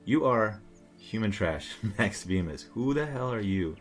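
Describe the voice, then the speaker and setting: A man's voice: on the low side, animated, measured pace, faint music behind. A man giving a casual, rambling commentary monologue in a sarcastic tone, with frequent fillers and restarts. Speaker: commentator reacting to online posts.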